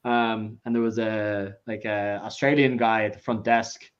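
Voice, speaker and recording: A man's voice: lowish voice, steady tone, normal speed, few pauses. A man hosts a casual whiskey tasting and tells chatty stories. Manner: chatty anecdotes, acts out quoted people. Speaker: whiskey tasting club host. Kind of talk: casual chat, livestream tasting. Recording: dull lo-fi sound.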